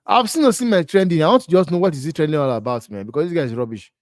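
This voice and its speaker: A man's voice: on the high side, expressive, rapid-fire, no echo. A man hosting a live football watch-along, ranting in disbelief about transfer rumours and repeating himself. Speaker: host.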